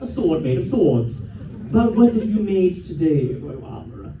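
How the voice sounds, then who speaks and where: A playful, theatrical host running a live comedy game show and teasing the crowd. The voice bounces around a big echoing hall and sits well back from the microphone. Steady background noise runs under it. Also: mid-range voice, unhurried. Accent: non-local. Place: large convention hall with live audience. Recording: echoey hall, distant mic, loud background noise.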